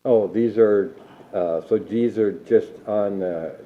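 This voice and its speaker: A man chairing a county board meeting, brisk and folksy, calling votes. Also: lowish voice. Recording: tinny phone-like audio.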